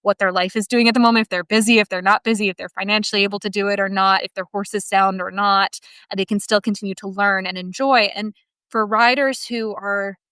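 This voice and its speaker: Smooth-voiced woman telling heartfelt stories. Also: medium pitch, fairly even intonation, fairly quick, a bit bright, dry recording. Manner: heartfelt, rambling storytelling with restarts. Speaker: guest, team member of a dressage education business. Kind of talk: casual podcast interview storytelling.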